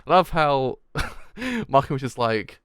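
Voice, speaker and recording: A young man streaming a live manga reaction, reading the panels aloud and swearing as he shouts in disbelief. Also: medium pitch, big pitch swings, slow, clean tone, no room sound, studio quality. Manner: reads manga dialogue aloud.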